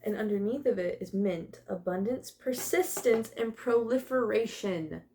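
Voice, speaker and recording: A young woman gives a casual card reading in a gravelly, mellow voice. She talks in an emotional, open way, laughs easily and drops the odd swear word. Her pitch sits in the middle. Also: a little slow. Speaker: tarot reader.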